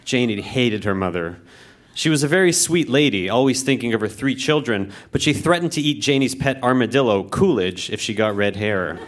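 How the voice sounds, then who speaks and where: Man reading a childhood story deadpan. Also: medium pitch, normal speed, slight background noise. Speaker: reader. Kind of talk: reading his childhood story aloud on stage. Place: live show in a music venue.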